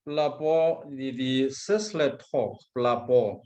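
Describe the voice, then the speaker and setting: Male Buddhist monk teacher, unhurried lecture with repeated terms, dull low-fi recording. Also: darkish tone. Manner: slow, repeats Pali terms, frequent hesitations. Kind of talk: lecture on a Pali text.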